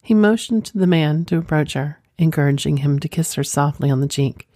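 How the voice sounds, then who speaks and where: Low, mellow woman reading a sensual story. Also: a little fast, dry recording, clean studio sound. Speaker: narrator.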